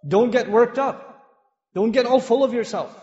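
Male preacher from Pakistan, lively humorous sermon, long hall reverb. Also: very high-pitched, normal speed. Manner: animated, humorous storytelling. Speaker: mosque lecturer. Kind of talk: sermon with personal stories. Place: mosque hall with women's gallery upstairs. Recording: echoey hall, dull sound.

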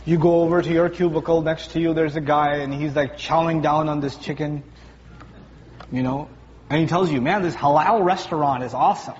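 A man giving a lively sermon to a young audience, animated, acting out little scenes with funny voices and climbing higher in pitch when he stresses a point. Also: normal speed, slight background noise. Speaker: speaker at a Ramadan talk. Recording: dull sound with long reverb in a hall.

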